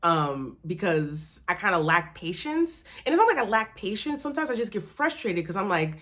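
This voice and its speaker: A woman's voice: medium pitch, big pitch swings, normal speed, few pauses, a bit bright. A young woman from Texas chatting casually to camera in her small apartment, candid and full of fillers and swearing as she talks about starting work as a teacher. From Texas, USA. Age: young adult. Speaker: vlogger, new teacher.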